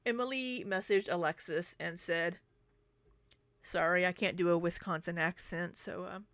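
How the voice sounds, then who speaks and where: A woman's voice: lowish voice, fairly even intonation, normal speed, fairly bright tone, no echo. A young adult woman talking through drama in a casual, rambling vlog, full of ums and asides. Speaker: commentary YouTuber.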